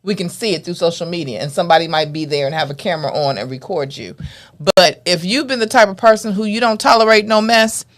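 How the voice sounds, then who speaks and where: Unhurried woman co-host making points. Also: lowish voice. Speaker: podcast co-host. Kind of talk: casual chat.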